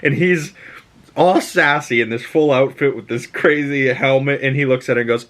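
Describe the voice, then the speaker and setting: Excitable man recapping a cartoon. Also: medium pitch, moderate pace. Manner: excitable, profane, laughs and shouts at scenes. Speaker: podcast host. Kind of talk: casual reaction and recap.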